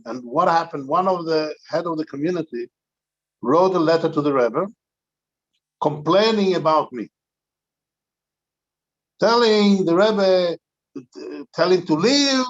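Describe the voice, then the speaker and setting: A man's voice: a little high, dull audio. An older man, a rabbi, telling an anecdotal story to a community gathering, with frequent restarts.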